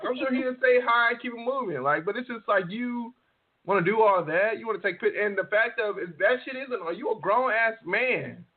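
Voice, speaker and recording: A man's voice: sits high, fairly quick. Man ranting casually on a phone line. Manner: profane, animated ranting with many fillers. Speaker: podcast co-host. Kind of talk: casual podcast chat. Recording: tinny phone-line sound.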